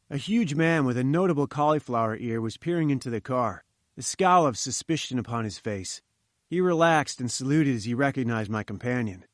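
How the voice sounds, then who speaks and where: A man's voice: mid-range voice, lively intonation, brisk, no echo. Man narrating a story in a dry studio sound. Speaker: audiobook narrator. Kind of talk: scripted narration.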